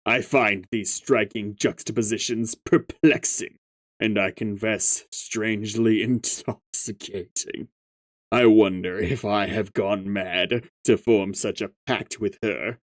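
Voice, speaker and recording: A man voicing a pompous, formal male troll aristocrat who speaks slowly in ornate, haughty sentences. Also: fairly low pitch, fairly even intonation, no echo, voice pushed down. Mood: disdainful. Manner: slow, haughty, ornate speech.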